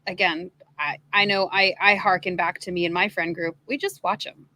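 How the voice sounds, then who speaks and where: A woman co-hosting a casual baseball podcast, talking in an even-keeled, chatty way. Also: fairly low pitch, normal speed. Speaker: podcast co-host. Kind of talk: casual sports chat.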